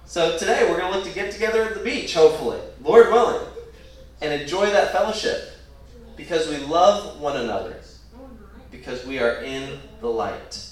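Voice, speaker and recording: A male pastor delivers a sermon in an earnest, conversational tone and leans into key lines with rising emphasis. His voice sits a touch high for a man. It is picked up from some distance in a very echoey room. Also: animated, normal speed.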